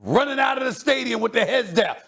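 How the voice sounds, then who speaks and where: A man hosting a heated sports debate show, loud and emphatic, teasing his co-hosts and repeating himself for effect. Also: very high voice, animated, a little fast, slightly rough.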